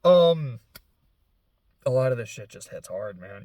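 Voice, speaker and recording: A man's voice: medium pitch, very animated, measured pace, pauses often, mellow, dry recording. A young man casually chatting about a video game, rambling with lots of fillers and laughing through near tears. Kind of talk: casual gaming chat.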